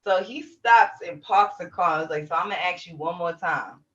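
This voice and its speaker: A woman's voice: fairly low pitch, moderate pace, a bit bright. A woman co-hosting a casual podcast chat, telling a story and acting out both sides of the dialogue. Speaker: podcast co-host. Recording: dull lo-fi audio.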